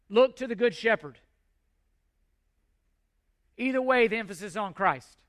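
High, bright-voiced preaching man. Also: clean tone. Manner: emphatic, repetitive preaching with measured pauses. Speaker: pastor. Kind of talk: sermon.

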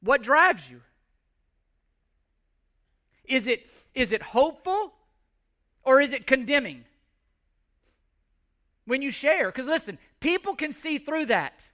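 High, bright-voiced man preaching earnestly. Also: very animated, slow pace, pauses often. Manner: earnest, pleading, repeats words as he restarts. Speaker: pastor. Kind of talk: sermon.

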